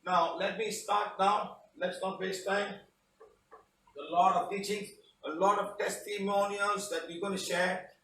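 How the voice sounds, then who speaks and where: A man's voice: sits high, little pitch movement, a little slow, pushed and bright, roomy sound, recorded from a distance, a little hiss or hum, rough recording. A man teaching a live online healing session under a studio spotlight, chatty and often repeating "okay, guys".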